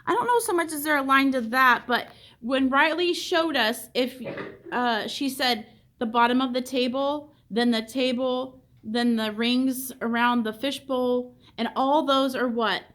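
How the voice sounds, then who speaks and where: Woman, art teacher, classroom discussion, questioning, repeats answers, fairly high voice. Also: a little slow, fairly bright tone.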